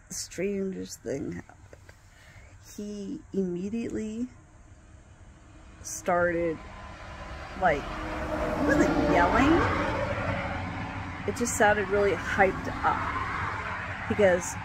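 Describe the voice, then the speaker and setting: A woman telling a personal story in a casual, halting way, with many pauses and restarts. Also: mid-range voice. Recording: faint background noise.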